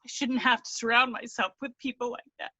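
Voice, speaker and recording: On a video call, a team member shares her story in an emotional testimonial, earnest and near tears, rambling and restarting. Her voice is fairly high and fairly quick, with a sharp tone and fairly even intonation. There's no echo.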